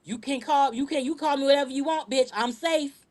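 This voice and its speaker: A woman with a high voice hosts a live-streamed podcast. She talks in a fierce, profane, insistent way. She often restarts and repeats words as she presses each point. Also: a little fast, a little mellow. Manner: aggressive, profane, emphatic; repeats words when heated. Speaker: podcast host.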